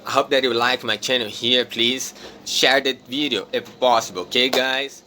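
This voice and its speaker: Bright-voiced man teaching phrases. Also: medium pitch, fairly even intonation, slight background noise. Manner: repeats example phrases slowly and deliberately. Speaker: English teacher. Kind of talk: casual video lesson.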